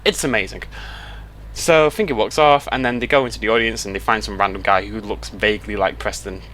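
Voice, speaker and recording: A man's voice: lowish voice, fairly even intonation, fast talker, a bit bright. Chatty British young man rambling on a road trip. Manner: chatty, rambling, self-interrupting. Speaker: YouTuber. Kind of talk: casual chat to camera. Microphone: headset mic.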